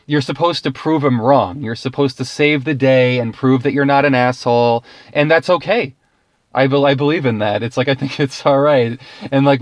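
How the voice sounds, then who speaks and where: A man's voice: mid-range voice, no room sound. A man giving a casual, ranting film review, exasperated and profane, laughing often.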